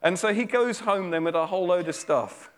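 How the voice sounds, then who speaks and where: A man's voice: sits high, fairly quick. A man preaching a sermon, retelling a Bible story in a chatty, informal way with fillers and asides.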